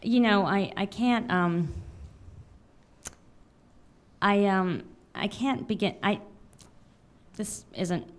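A woman in her thirties, an author reading a confessional memoir aloud in a wry manner, then answering questions with halting fillers. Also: medium pitch. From United States. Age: 30s.

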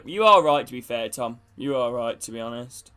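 A man's voice: medium pitch, expressive, normal speed, pushed and bright, clear, resonant tone, faint music behind. A young man streaming a football video game, greeting his chat and geeing up his teammates, with casual swearing. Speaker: gaming streamer. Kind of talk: live gameplay chat with viewers.

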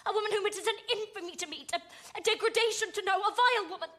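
An actress playing a proud, scornful young wife in a stage play scene, speaking with indignation. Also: female voice, extremely high pitch, very fast, a bit bright.

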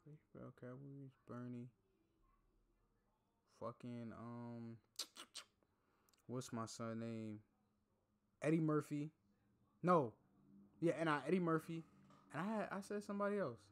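A man's voice: medium pitch, a little slow, pauses often. A man hosting a reaction video, talking casually and profanely, often trailing off while he thinks aloud.

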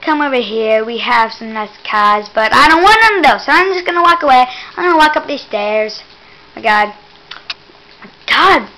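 A woman giving casual gameplay commentary, excitable and teasing, exclaiming again and again and mock-scolding the player. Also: a little high, normal speed, rough recording.

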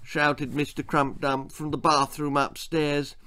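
A man, the author, reading his own children's story aloud with an expressive, theatrical delivery. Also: medium pitch, a little slow.

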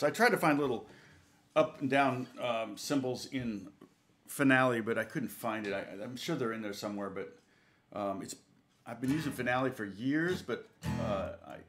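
A middle-aged man teaches guitar in a live lesson, pausing often with fillers and starting sentences over. Guitar and drum music plays behind his average-pitched voice. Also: fairly bright tone. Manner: hesitant, many fillers and restarts, counting beats aloud. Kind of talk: live guitar lesson, answering viewer comments. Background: guitar playing.

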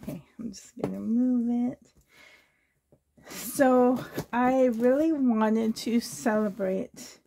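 This is an unboxing vlog chat by a reborn doll collector from Canada, who gushes effusively, laughs a lot, coughs a little, and tears up. Her voice sits a little high and is slow, gravelly, and mellow, with slight background noise.

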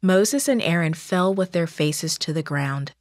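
Woman narrator, kids' Bible story, unhurried and lowish, dry close sound. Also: no echo. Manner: slow, measured, gentle reading.

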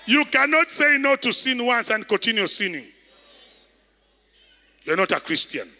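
A man with a Kenyan accent, a bishop preaching a loud sermon and calling out to the congregation in a large church. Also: extremely high pitch, big pitch swings, unhurried. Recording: echoey church hall.

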